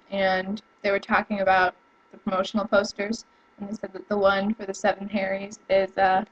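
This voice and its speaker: Excitable young woman vlogging, lo-fi sound. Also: mid-range voice. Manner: rambling and excitable, with many fillers and restarts. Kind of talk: casual chat to camera. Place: home room.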